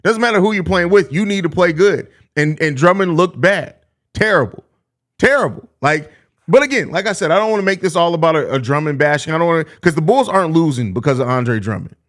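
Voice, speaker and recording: A man's voice: a little high, animated, quick pace, a bit bright. A man hosting a live sports podcast, reading chat messages and reacting in a blunt, profane, sarcastic way. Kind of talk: casual live-stream sports talk.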